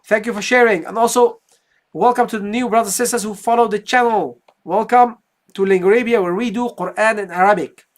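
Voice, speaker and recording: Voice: medium pitch, fairly even intonation. A Quran recitation teacher giving a live online tajweed lesson, patiently repeating each syllable and calling the viewers guys. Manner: models drawn-out recited syllables between explanations.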